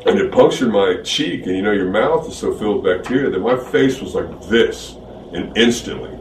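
A man's voice: on the low side, moderate pace, reverberant, distant mic, a little hiss or hum, low-quality recording. A man casually telling a rambling story about an old wrestling match. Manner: rambling, animated retelling. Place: archived interview played on a podcast.

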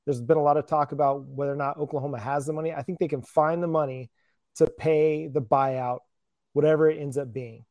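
Mellow-voiced man, hesitant sports talk. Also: a little high, fairly even intonation, fairly quick, dry recording, studio quality. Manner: hesitant, self-correcting, laughs often. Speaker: podcast guest.

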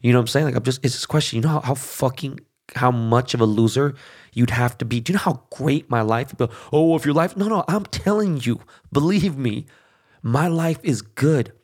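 A man's voice: mid-range voice, fairly quick, a little mellow. A middle-aged man hosting a show, ranting in a heated, profane casual monologue full of fillers and restarts. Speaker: show host.

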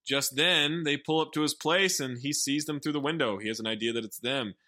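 A man's voice: a little high, a little fast, pushed and bright. A man hosting a podcast, recapping a movie plot with sardonic, wry asides. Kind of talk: casual movie recap with jokes.

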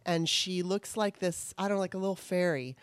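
A woman's voice: fairly low pitch, fairly quick, dry recording. Candid rambling middle-aged woman, dry sound. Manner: candid, rambling, swears freely. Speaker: podcast co-host. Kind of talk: casual chat.

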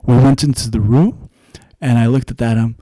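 A man's voice: mid-range voice, steady tone, moderate pace, warm tone, no room sound. Musician guest, male, loose anecdotal talker, dry recording. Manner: rambling anecdotal storytelling. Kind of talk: casual interview chat.

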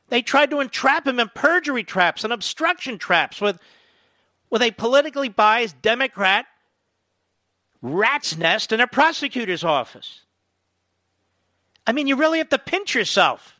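A man's voice: extremely high pitch, lively intonation, moderate pace, long pauses, dry recording. A man hosting a political talk show, delivering a combative, indignant monologue into a studio mic. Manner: indignant, emphatic, rising to loud outrage.

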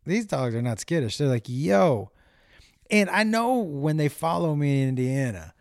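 A man hosting his own show, telling a rambling, animated story with plenty of swearing and acted-out voices. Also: a little high, measured pace, creaky, no echo, clean studio sound. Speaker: comedian podcast host. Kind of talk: casual rambling monologue.

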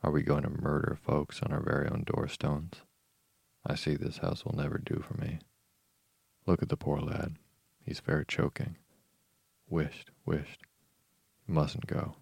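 Guy reading a bossy stout housekeeper, still really low and gravelly. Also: monotone, unhurried, long pauses, darkish tone, dry recording, heavily acted. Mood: scolding. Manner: bustling, scolding. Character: stout, scolding older farmhouse woman.

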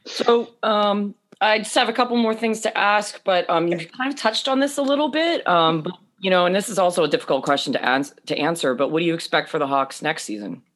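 A woman's voice: fairly low pitch, fairly quick. A woman hosting a podcast, putting questions in a casual, hedging way with ums. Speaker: podcast host asking questions. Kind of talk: casual interview.

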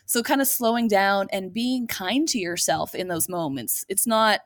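A woman's voice: mid-range voice, normal speed, few pauses, dry recording, studio quality. A woman co-hosting a podcast, speaking earnestly in casual conversation and laughing easily. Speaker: podcast co-host.

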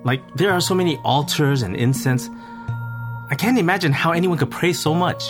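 A man reading a scripted first-person voice-over, in a measured, plain storytelling manner. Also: a little high, music in the background. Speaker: voice-over narrator. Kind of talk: scripted narration.

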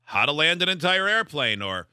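A man's voice: a little high, big pitch swings, normal speed, pushed and bright, clear, resonant tone, no room sound, clean studio sound. A man hosting a radio talk show, joking and reading listener texts in casual chat. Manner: jokey, leads the discussion and reads listener texts.

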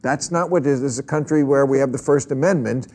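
A man's voice: mid-range voice, quick pace, darkish tone. A man hosting a studio panel discussion, dry and wry, often laughing through his own remarks. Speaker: talk show host.

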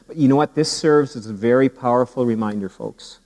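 A Canadian pastor preaches a sermon filled with humor and animated storytelling, frequently repeating his words. His mid-range voice moves briskly with few pauses, and the rough recording was made in a large hall.

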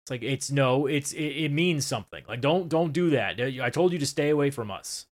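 A man co-hosting a casual podcast, recapping a show with animated, swearing retellings. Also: mid-range voice, normal speed. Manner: animated, swearing, acts out scenes in quoted voices. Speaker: podcast co-host.

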